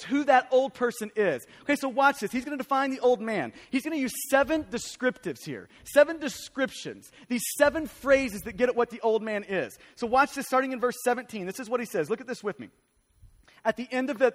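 A male pastor preaching a sermon with emphatic, urgent delivery and repeated phrases. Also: extremely high pitch. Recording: long hall reverb.

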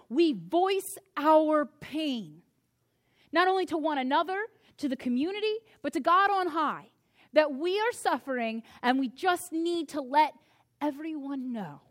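Woman pastor, high voice, animated sermon, emphatic, drawn-out key phrases.

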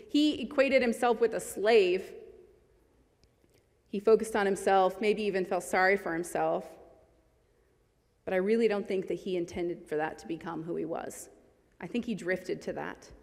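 Earnest woman preaching in a reverberant hall. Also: medium pitch. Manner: earnest and conversational, reads scripture aloud. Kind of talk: sermon.

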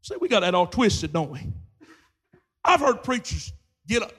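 A male preacher with a high, light voice delivering a sermon. He swings from hushed storytelling up to shouted, fervent preaching, and acts out the voices of the people in his story. His pitch sits well above most men. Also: sing-song, normal speed, slightly rough.

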